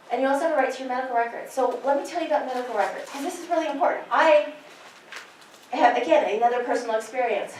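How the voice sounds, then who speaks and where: A woman's voice: on the high side, slight background noise. A middle-aged woman, a nurse, lecturing nurses in an impassioned, personal way. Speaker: nurse educator. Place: large lecture hall. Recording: very echoey hall, from far off.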